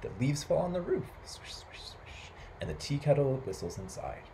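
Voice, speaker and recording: A man voicing a fussy old man who is fed up with noise, with drawn-out, whiny complaints in a storybook read-aloud. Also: fairly high pitch, very animated. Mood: complaining.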